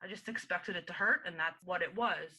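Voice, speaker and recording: Bright-voiced woman telling a personal story. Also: lowish voice, fairly quick, slightly rough, low-quality recording. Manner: animated, acts out quoted dialogue with frequent laughs. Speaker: podcast guest. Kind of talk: candid personal storytelling in an interview.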